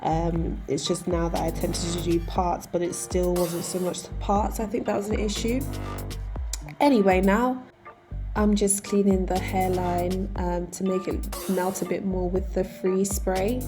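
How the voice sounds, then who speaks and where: A young woman, calmly narrating her hair tutorial step by step. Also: on the low side, unhurried, over music. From United Kingdom. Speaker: vlogger. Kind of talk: voice-over tutorial.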